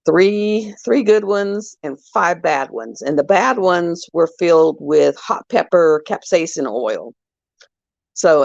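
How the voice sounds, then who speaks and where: Middle-aged woman hosting a home livestream, gravelly voice, rambling chatty delivery, muffled lo-fi sound. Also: lowish voice, dry recording. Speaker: livestream host. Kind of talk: casual chat while crafting.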